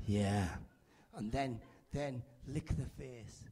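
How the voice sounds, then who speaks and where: A man's voice: high voice, expressive, brisk, vocal fry, background noise. A man doing live stand-up on a club stage, teasing the crowd in chatty, playful banter into a handheld mic. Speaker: stand-up comedian.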